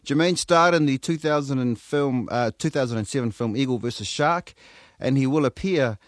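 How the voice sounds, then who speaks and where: A man with a New Zealand accent hosts a playful radio chat, swinging between deadpan asides and mock-earnest praise. His voice sits in a middle register, captured close and dry on a studio microphone. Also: mid-range voice, moderate pace, dry recording. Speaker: radio host.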